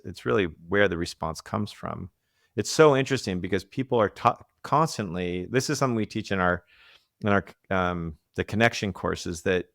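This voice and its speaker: A man's voice: on the low side, vocal fry, fairly bright tone, no room sound, studio quality. A man, an executive coach, explaining ideas in a podcast interview, often restarting sentences and acting out quoted voices.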